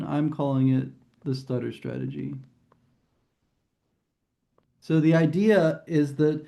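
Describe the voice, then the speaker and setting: Chatty man tutoring with a mellow voice. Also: a little high. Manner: chatty, thinks aloud, quick self-corrections. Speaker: test prep tutor. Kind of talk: informal classroom lesson.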